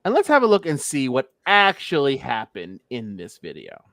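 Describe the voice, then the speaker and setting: Animated Pennsylvania-born streamer man. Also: mid-range voice, normal speed, creaky, heavy background noise. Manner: walks through a legal filing, skips boilerplate with "blah, blah". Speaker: livestream host. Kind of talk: casual livestream commentary.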